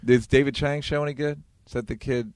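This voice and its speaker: A man's voice: medium pitch, steady tone, a little fast, darkish tone, no echo. A middle-aged man co-hosting a podcast, asking curious questions in a joking manner. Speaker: podcast co-host. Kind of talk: casual podcast chat.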